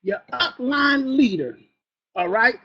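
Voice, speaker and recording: High-voiced energetic man coaching a room. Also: slow, creaky, husky, lo-fi sound. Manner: energetic, preacher-like, quizzes the audience. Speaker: sales trainer. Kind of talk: motivational sales training talk. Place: training event room.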